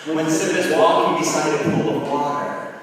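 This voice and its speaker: A man's voice: a little high, fairly even intonation, moderate pace. A man giving a keynote speech to students, telling stories and quizzing the audience. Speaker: keynote speaker. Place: large hall. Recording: echoey hall from far off.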